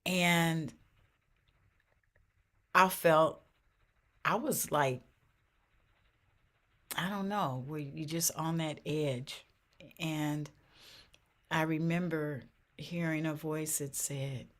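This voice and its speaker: An older woman with a somewhat low voice shares a personal testimony of faith in an interview. She speaks earnestly and repeats herself as she goes. Her voice rises and sinks with feeling. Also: steady tone, drawn-out words, long pauses. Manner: earnest, repeats phrases, voice swells and drops with emotion. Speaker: interview guest.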